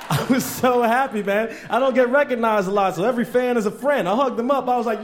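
A man doing a stand-up set on a club stage, telling stories loosely and shouting his acted quotes, with laughter from the crowd. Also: high voice, normal speed, slight background noise. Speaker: stand-up comedian.

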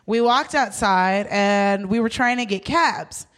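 A young woman casually telling a story, animated and swearing as she acts out the people in it. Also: mid-range voice, slow pace. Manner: animated, swearing, acts out voices in her stories.

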